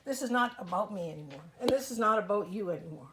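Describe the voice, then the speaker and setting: A woman's voice: medium pitch, animated, fast talker, background noise. A woman delivering a fervent, profane video rant that turns into preaching, repeating her calls over and over. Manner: fervent, profane, repetitive exhortations.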